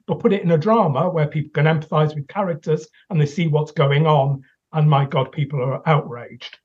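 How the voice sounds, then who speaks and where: Speaking a little fast in a fairly high, steady voice with a breathy edge, a man co-hosting a podcast rants and swears in exasperated critique. The casual critical discussion is recorded in dull lo-fi.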